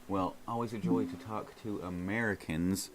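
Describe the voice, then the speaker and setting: A man's voice: low voice, steady tone, moderate pace. A man hosting a casual livestream, chatting loosely over stock charts and thinking aloud with restarts. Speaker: livestream host.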